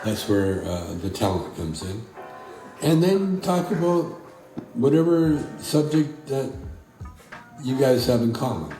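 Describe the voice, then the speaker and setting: A man's voice: medium pitch, big pitch swings, takes it slowly. A man in a laid-back, rambling recorded video message, full of fillers and trailing thoughts. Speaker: actor reading a paid video message. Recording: echoey room with music.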